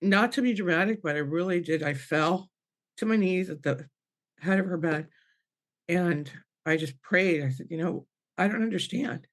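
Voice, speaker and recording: A woman's voice: fairly low pitch, normal speed. A middle-aged woman, a medium on a panel podcast, telling an emotional personal story, acting out quoted voices and restarting her sentences. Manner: acts out quoted voices, restarts, laughs through tears.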